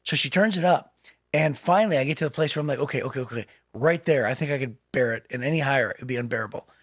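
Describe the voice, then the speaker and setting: Speaking quickly in a mid-range voice, this man shares a personal anecdote while co-hosting a podcast, chatting loosely and breaking into frequent laughter with lively storytelling energy. The sound is clean studio audio with no room tone.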